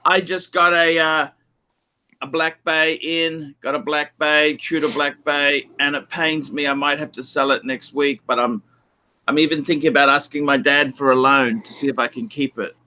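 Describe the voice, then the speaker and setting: A man's voice: a little high, steady tone, normal speed, pushed and bright. A middle-aged man hosting a casual livestream chat, rambling and repeating his phrases with lots of fillers. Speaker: livestream host.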